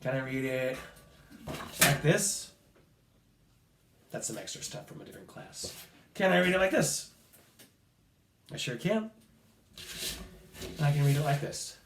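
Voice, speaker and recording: A man's voice: mid-range voice, expressive, unhurried, long pauses, noisy background. A man teaching a children's music lesson, upbeat and counting off rhythms for the class to chant along. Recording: echoey room.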